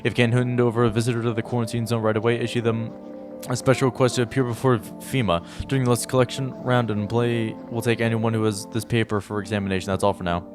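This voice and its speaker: A man voicing a male television news anchor who reads a formal bulletin quickly. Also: mid-range voice, little pitch movement, natural voice. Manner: formal, rapid broadcast delivery. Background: game music.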